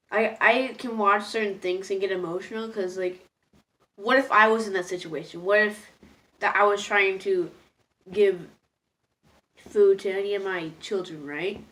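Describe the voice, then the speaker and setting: A woman's voice: medium pitch, steady tone, unhurried, long pauses, a bit bright. Rambling woman reviewing episodes. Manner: rambling, hesitant, many fillers; easily moved, laughing at herself. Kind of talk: casual spoken review.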